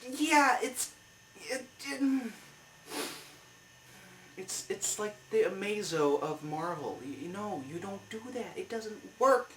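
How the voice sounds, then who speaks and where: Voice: mid-range voice, expressive, slow pace, long pauses, fairly bright tone, a little hiss or hum. A comic review show host giving a heated, exasperated movie review rant. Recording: roomy, mic at a distance.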